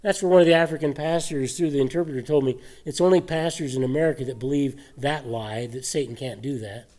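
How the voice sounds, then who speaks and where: A man preaching a sermon, animated and full of rhetorical questions and scoffing laughs. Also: medium pitch, fast talker. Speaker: pastor.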